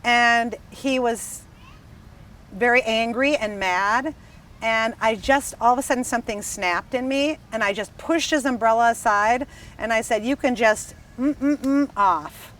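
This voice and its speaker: A woman from Wisconsin, a restaurant dining room manager, telling stories in a lively, emphatic casual chat. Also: a little high, unhurried. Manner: animated, emphatic storyteller. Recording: slightly distant mic, faint background noise.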